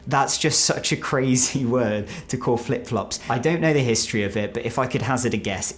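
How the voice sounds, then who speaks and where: A British man presenting an explainer video, animated and playful, sometimes dropping to a low confiding voice. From Britain. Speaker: presenter explaining Australian slang.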